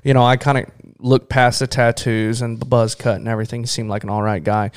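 A man's voice: medium pitch, little pitch movement, fast talker, clear, resonant tone. Wry young male podcast co-host. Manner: wry, teasing storyteller. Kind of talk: casual podcast chat.

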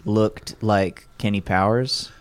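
A man's voice: fairly low pitch, steady tone, takes it slowly, smooth. A man who co-hosts a podcast and does comedy, talking loosely and casually with some swearing.

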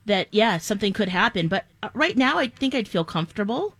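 A woman's voice: medium pitch, animated, fairly quick, a bit bright, no echo. A woman co-hosting a casual talk show, rambling and hesitant, often laughing as she talks. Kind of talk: casual studio chat.

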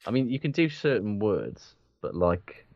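A man's voice: fairly low pitch, big pitch swings, a little slow, no room sound. A man co-hosting a rugby podcast in casual, sweary banter. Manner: sweary, laid-back banter. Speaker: podcast co-host. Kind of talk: casual chat. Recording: dull lo-fi dry sound.

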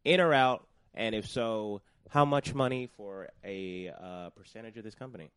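Man, host, casual comedic chat, low voice, halting, lots of fillers, dry sound. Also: fairly bright tone, clean tone, dry recording. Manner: hesitant, many fillers.

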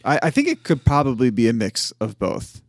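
A man's voice: medium pitch, huge pitch swings, brisk, dry recording, clean studio sound. A man co-hosting a podcast, talking over a cartoon in casual chat and hedging with "like" often. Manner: hesitant, hedging with "like". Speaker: podcast co-host.

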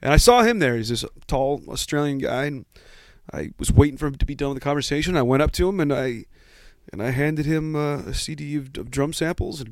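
A man's voice: a little high, a little fast, no echo. A man in his forties casually telling a long story about his start, rambling and self-deprecating with many restarts. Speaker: guest.

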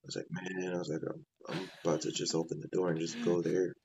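A man's voice: low-pitched, flat delivery, quick pace, darkish tone, slight background noise. A man telling a personal ghost story in casual, rambling fashion, often repeating "I was like". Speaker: guest sharing a paranormal story.

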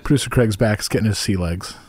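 A man's voice: fast talker, a little mellow. A man co-hosting a casual comedy podcast, joking crudely and swearing freely. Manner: crude, joking, puts on a low breathy "love voice". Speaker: podcast co-host.

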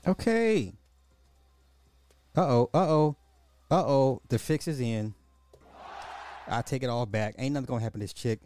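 A man's voice: medium pitch, brisk, pauses often, dark tone, no room sound. A man hosting a commentary podcast, reacting to clips with sarcastic, resigned asides in a casual, repetitive way. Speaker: podcast host. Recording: dry close mic with faint music behind.

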